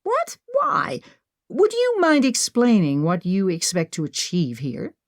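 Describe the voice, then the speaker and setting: A woman's voice: medium pitch, wildly swooping pitch, unhurried. A woman narrator voicing a nervous, reluctant young woman who talks doubtfully. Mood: anxious. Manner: anxious, doubtful.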